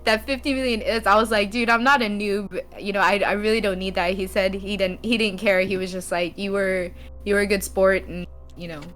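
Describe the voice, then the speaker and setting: A woman guest on a podcast, telling a story in a lively, casual way. She laughs often and slips into quick impressions of what people said to her. Her voice sits at an ordinary middle pitch. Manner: animated storyteller, laughs often, acts out quotes. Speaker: podcast guest, game streamer.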